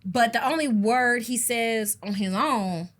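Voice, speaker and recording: A woman co-hosting a comedy podcast, talking in a brash, profane, animated way and telling stories. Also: a little high, a little slow. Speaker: podcast co-host. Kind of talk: casual comedic chat.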